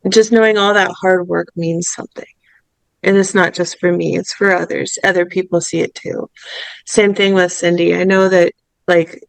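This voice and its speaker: Gravelly-voiced woman telling a story. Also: lowish voice, dry recording, poor audio. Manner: animated storytelling, acts out quoted dialogue; emotional, close to tears. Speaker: roundtable guest, event vice president. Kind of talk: casual podcast chat.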